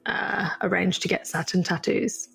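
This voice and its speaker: A woman in her early thirties, a guest in a casual interview, telling stories in a chatty way with quick bursts. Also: on the low side, fairly even intonation, gravelly, a bit bright, breathy edge, faint music behind. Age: 30s.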